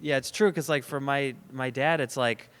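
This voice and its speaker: Comedian guy chatting on a podcast, smooth clear voice, tosses in quick jokes. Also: medium pitch. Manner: relaxed, chiming in with short quips and reactions. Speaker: comedian guest. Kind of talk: casual chat. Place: comedy club.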